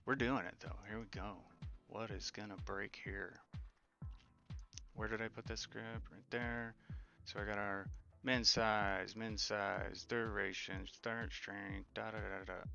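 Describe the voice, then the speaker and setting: A low, gravelly man with a bright, edgy tone talks his way through a coding session, slow and unhurried. He thinks aloud, mutters half-sentences and trades jokes with his live viewers, with faint music under him. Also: level tone, lo-fi sound. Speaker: game developer streaming his work. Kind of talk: casual live coding commentary, chatting with viewers.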